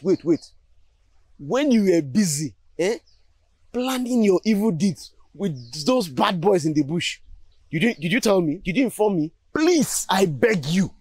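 A man's voice: high voice, slightly rough, dry recording, heavily acted. A man with a Nigerian accent acting in a film drama, lecturing a friend in a scolding manner.

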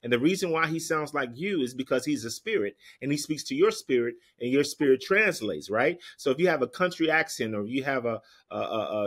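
A man's voice: on the high side, a bit bright, breathy edge. A man, a guest minister, giving emphatic preaching-style answers in an interview, repeating his key points in a teaching cadence.

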